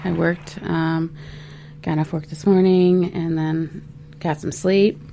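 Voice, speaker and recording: A woman co-hosts a casual podcast in a studio. Her voice is low and gravelly, and her delivery is flat and hesitant, full of ums. There is faint noise in the background. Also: slow pace. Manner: hesitant, with many ums and restarts. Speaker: podcast co-host.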